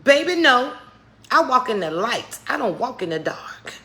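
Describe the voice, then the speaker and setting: A woman's voice: medium pitch, expressive, moderate pace, pushed and bright. A middle-aged woman giving a motivational faith talk on a live stream, preacherly and calling her viewers "baby". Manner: preacherly, calls viewers "baby", greets chat by name.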